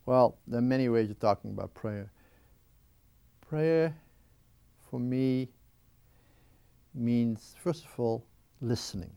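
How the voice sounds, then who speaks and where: A man speaking as an interview guest, talking reflectively and expressively at his home, full of restarts and quick bursts. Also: mid-range voice, vocal fry, dry recording. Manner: animated and expressive, with many restarts. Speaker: interview guest, spiritual writer. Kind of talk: reflective interview talk on prayer. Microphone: filmed interview mic.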